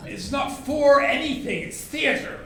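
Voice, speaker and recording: A man performing an earnest, measured theater lover with a high, gravelly voice and a slow delivery. Heard from far off in a very echoey theater. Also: expressive, a bit bright, slight background noise, full character voice. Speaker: stage actor. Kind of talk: live amateur stage play.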